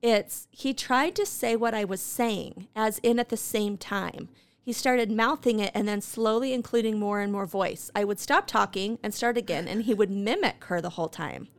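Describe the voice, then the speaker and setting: A woman's voice: mid-range voice, normal speed, no room sound. A woman co-hosting a podcast in casual chat, reading out listener stories and laughing often. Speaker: podcast co-host.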